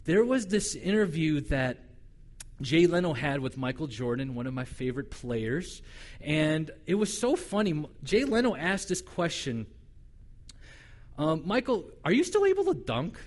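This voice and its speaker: A male pastor preaching a sermon in a conversational, humorous way, animated and acting out the voices he quotes. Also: a little high, a little slow.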